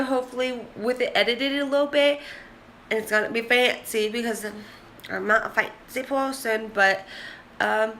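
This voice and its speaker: A woman's voice: fairly high pitch, bright, forceful tone, a little hiss or hum. A young woman in a casual vlog, chatting candidly and rambling to the camera. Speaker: vlogger.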